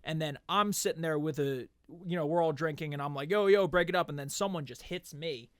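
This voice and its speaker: A man guesting on a casual podcast, telling stories with lively swearing and acting out other people's lines. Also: on the high side, fairly quick, clear, resonant tone, no room sound, clean studio sound. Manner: animated storyteller who acts out what others said; swears freely. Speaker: podcast guest, MMA striking coach and fighter. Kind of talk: casual podcast chat, storytelling.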